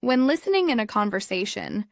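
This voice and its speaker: A woman narrating a scripted English listening lesson in a calm, measured, explanatory way. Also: a little high, dry recording, clean studio sound. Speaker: English teacher.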